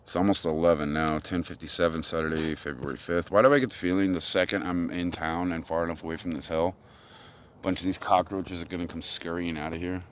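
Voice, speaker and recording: A man's voice: sits low, steady tone, quick pace, a bit bright, slight background noise. A man delivering an agitated, profane solo rant outdoors on a hilltop. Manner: ranting, profane, agitated monologue.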